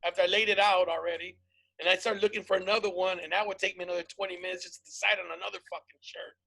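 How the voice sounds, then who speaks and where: A man's voice: high-pitched, little pitch movement, racing, vocal fry, pushed and bright. A man hosting a comedy podcast, swearing freely and telling stories with acted-out voices in casual chat. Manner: profane storytelling, acts out quoted voices. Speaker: podcast host.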